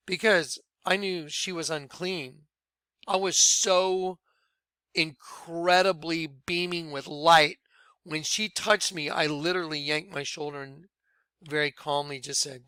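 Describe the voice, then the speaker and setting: Bright, crisp-voiced man preaching. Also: fairly high pitch, steady tone, moderate pace, no echo. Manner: earnest, drops to quiet hushed tones when quoting. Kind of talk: sermon-style testimony.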